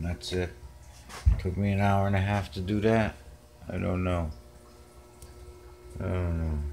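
A man's voice: on the low side, a little hiss or hum. A man filming his cats at home in the early morning, talking in a rambling, coarse, chatty way. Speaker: cat owner filming his pets. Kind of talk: casual home video chat.

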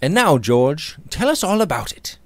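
A man reading the part of an easygoing young English gentleman, with a drawling, indifferent and mildly amused manner. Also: medium pitch, big pitch swings, normal speed, dry recording, pitched above the performer's own voice, close to an everyday voice.

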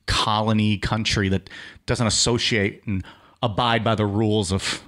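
A man's voice: lowish voice, flat delivery, normal speed, fairly bright tone. A man co-hosting a podcast, joking in casual banter and rambling with lots of fillers. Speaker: podcast co-host.

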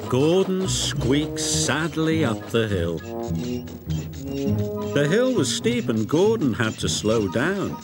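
A man tells a children's railway story in a gentle, measured voice. His pitch rises and falls animatedly, and he takes an unhurried pace. Loud background music plays throughout. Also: big pitch swings. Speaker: narrator. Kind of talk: scripted storybook narration for children.

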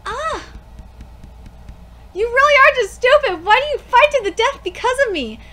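A woman's voice: very high voice, lively intonation, normal speed, bright, forceful tone, pitched above the performer's own voice, heavily acted. A woman voicing an upset young priestess girl who scolds and speaks bitterly while reading a manga aloud. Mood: exasperated.

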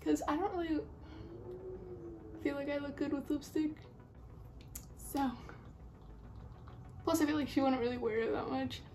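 A young woman doing her makeup speaks in a high, sick and stuffy voice with a darkish tone, fairly even intonation, a slightly slow pace and long pauses. As a beauty vlogger in a casual tutorial chat, she's chatty, self-deprecating and rambling.

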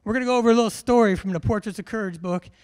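A man, an instructor giving a humorous, animated briefing to a large class and quizzing the crowd. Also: high-pitched, racing, clear, resonant tone. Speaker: military education instructor.

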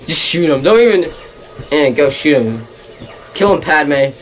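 A young man giving casual, excitable gameplay commentary, laughing and mocking his own play. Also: a little high, slow pace. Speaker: let's play gamer.

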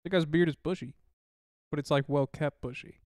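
A woman's voice: sits low, a little mellow, dry recording. A woman co-hosting a casual movie commentary, teasing and laughing as she talks. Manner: laughing, teasing, quick asides.

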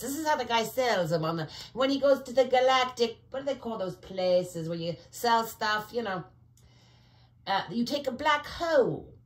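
A woman's voice: a little high, animated, moderate pace, echoey room. A woman talking to camera in a rambling, digressive monologue, often searching for words and filling with "you know.". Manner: conspiratorial, speaks in asides. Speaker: vlogger.

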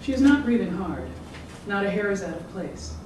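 An author giving a measured, rhythmic public reading of their own fiction. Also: mid-range voice, very animated. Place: event room. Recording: echoey room, distant mic, background noise.

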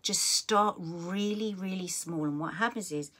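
Middle-aged woman host, low and husky, earnest and encouraging, reads messages then advises. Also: unhurried. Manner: earnest, encouraging, many restarts and quiet asides. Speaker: podcast host reading viewer messages. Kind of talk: heartfelt live-stream chat.

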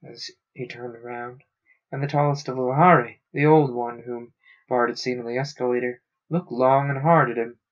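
A man narrating a science fiction novel aloud on a stream, steady with small stumbles. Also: mid-range voice, moderate pace. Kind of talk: audiobook-style reading. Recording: dull lo-fi sound.

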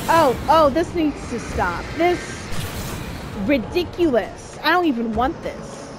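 A woman plays a horror game and chats her way through it, talking to herself and yelping when things go wrong. Her voice is high and swings widely in pitch. She speaks at an unhurried pace. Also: over music. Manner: excitable, yelps and shouts at the game; chatty, talks to herself and the game character. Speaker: gamer playing a horror game. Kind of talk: casual let's-play commentary.

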